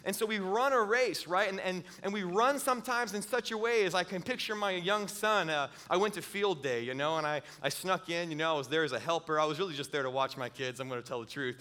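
A man's voice: high voice, a little fast, hardly any pauses, pushed and bright. A middle-aged man preaching a sermon, earnest, often repeating words and chuckling as he goes.

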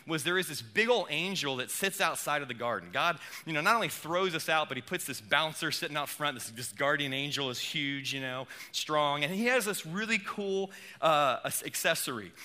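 Male pastor, sermon, very bright and ringing voice set fairly high, talks casually and with animation, playful asides.

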